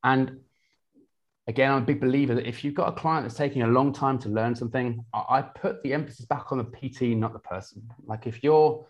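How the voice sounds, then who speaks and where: A man, a personal trainer talking casually in an interview, energetic, with many restarts. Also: mid-range voice, brisk. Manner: energetic, many restarts, quotes clients in lively voices.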